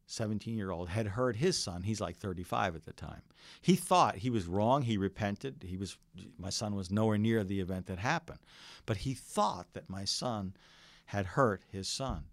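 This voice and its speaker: A man's voice: on the low side, gravelly, dry recording. A middle-aged man preaching a sermon as pastor, earnest and full of stories. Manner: earnest, storytelling preacher who varies his delivery.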